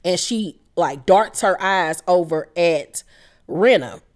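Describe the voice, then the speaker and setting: A woman's voice: fairly low pitch, takes it slowly. Sassy, swearing woman recapping reality TV. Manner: sassy, blunt, swears freely, laughs, quotes the cast in mimicking voices. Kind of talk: casual profane recap commentary.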